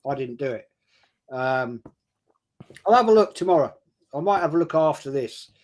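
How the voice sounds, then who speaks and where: A man's voice: on the high side, lively intonation, moderate pace. A man co-hosting a live stream, chatting casually, easygoing and self-deprecating, with some hesitant restarts. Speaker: stream co-host.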